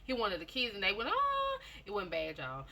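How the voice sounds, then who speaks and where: A woman tells her personal testimony in a loose, chatty way, circling back over the same phrases and talking right to her listeners. Her voice is bright and forceful, with a pitch in the middle range for a woman. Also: animated, quick pace, creaky, a little hiss or hum. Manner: chatty storytelling, repeats phrases, addresses listeners directly. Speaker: testimony speaker.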